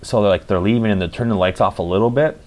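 Speaking rapid-fire in a slightly mellow voice on the low side, a young man rambles through a casual story. He swears often and plugs the gaps with "like" and "you know."

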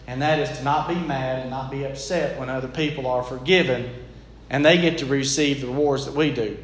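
A man's voice: mid-range voice, steady tone, brisk, a bit bright, a little hiss or hum. A man preaching a sermon in an earnest, plain-spoken, folksy way. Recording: echoey room.

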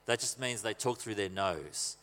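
A man's voice: fairly low pitch, lively intonation, normal speed, fairly bright tone. A man preaching a sermon in a conversational, humorous way with asides to the congregation. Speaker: pastor. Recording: long hall reverb.

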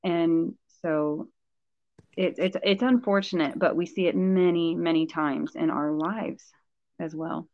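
Woman co-host in a Bible chat, lowish voice, thinks aloud and chuckles, muffled dry recording. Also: fairly even intonation, measured pace, dry recording. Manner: thinks aloud with many fillers and restarts, chuckles. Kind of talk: casual Bible discussion. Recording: dull, dry lo-fi sound.

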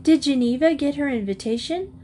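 A woman's voice: sits high, a little fast, warm tone, soft background music, voice pushed up, natural voice. A woman reading a storybook, voicing an eager young schoolgirl who talks breathlessly.

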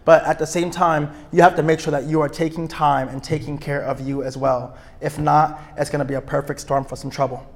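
A man speaking to a room of couples at a retreat, energetic and outgoing, often checking in with his listeners. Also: on the high side, a little fast, hardly any pauses. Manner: energetic, self-described extrovert; checks in with listeners, asking "right?". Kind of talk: live talk to an audience.

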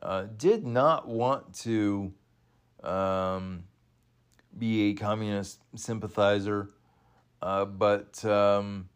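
A man hosting a casual watch-along. He talks at an unhurried, measured pace and keeps breaking into excited exclamations and chuckles. His speech halts often with fillers and restarts. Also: fairly low pitch, smooth. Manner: excitable, exclaims and laughs at the action, halting with fillers.

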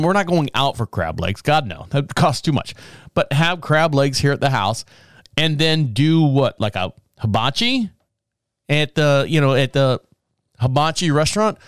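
A middle-aged man hosting a podcast, chatting casually and rambling with frequent laughs and quick high-voiced impressions. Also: smooth, no echo, clean studio sound. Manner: rambling, animated, laughs often, mimics others in high voices. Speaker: podcast host. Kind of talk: casual solo chat.

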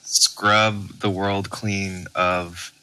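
A man's voice: low-pitched, little pitch movement, extremely slow, sharp tone, rough recording. A man in a casual podcast chat dropping dry, teasing interjections.

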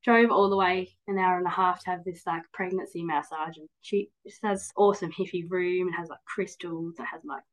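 On a rough recording, a woman in her 30s speaks with a voice on the low side. She's a guest on a podcast, talking candidly and at length in casual interview conversation. Her speech rambles and is peppered with "like" and "um."

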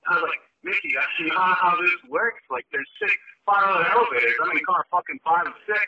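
A man's voice: high-pitched, animated, a little fast. A man calling in over a speakerphone, telling a profane, ranting story. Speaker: caller. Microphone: phone on speaker. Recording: tinny speakerphone call.

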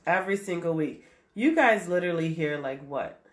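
A pregnant woman in her thirties co-hosting a casual chat, animated and quick to laugh, with an occasional cough. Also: fairly low pitch. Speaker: podcast co-host. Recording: roomy, faint background noise.

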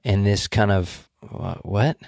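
A man's voice: fairly low pitch, steady tone, slow, creaky, a little mellow, no echo, clean studio sound. A man co-hosting a casual Bible study discussion, explaining passages in a thoughtful, searching way with frequent restarts.

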